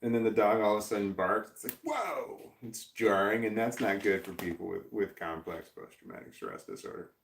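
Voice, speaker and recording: A man's voice: on the low side, lively intonation, fairly quick, gravelly, hardly any pauses. A middle-aged man from Missouri chatting on a live stream, reading viewer comments and rambling with many restarts in a self-deprecating, droning way. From Missouri, USA. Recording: echoey room.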